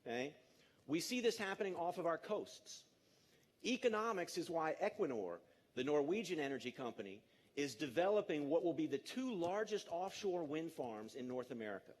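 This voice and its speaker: Animated man giving a stage talk. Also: a little high, moderate pace. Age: 50s. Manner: animated, jokey, coaxing the audience. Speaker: speaker. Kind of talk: live conference talk.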